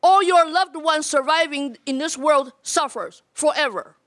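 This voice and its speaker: A woman's voice: high-pitched, a little slow. A woman giving an earnest, pleading public comment at a community meeting.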